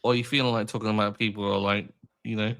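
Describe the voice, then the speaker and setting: A man's voice: fairly low pitch, flat delivery, very fast, creaky, fairly bright tone. A man co-hosting a podcast, chatting casually in a rambling way with many fillers. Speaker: podcast co-host. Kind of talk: casual chat.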